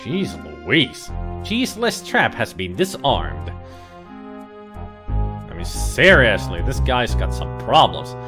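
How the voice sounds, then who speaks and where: A man's voice: fairly low pitch, huge pitch swings, slow, pauses often. A man giving casual, joking commentary while playing an old computer game, chatting and muttering asides. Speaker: let's play host. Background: faint game music.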